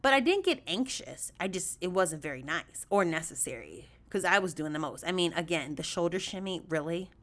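A woman hosting a podcast, telling a story in a chatty, animated way, addressing her listeners as y'all and acting out quoted voices with big jumps in pitch. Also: a little fast, hardly any pauses. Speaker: podcast host. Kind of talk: casual storytelling monologue.

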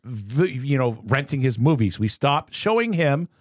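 Frustrated ranting man, lively pitch. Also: unhurried, no echo, studio quality. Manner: frustrated, ranting, rhetorical questions. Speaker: podcast host. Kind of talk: casual opinionated chat. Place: cluttered home office.

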